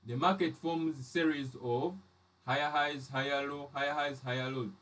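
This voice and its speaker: A man's voice: mid-range voice, fairly even intonation, normal speed, a bit bright, recorded from a distance. A man teaching trading charts step by step, often repeating and restarting his phrases. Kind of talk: live chart lesson.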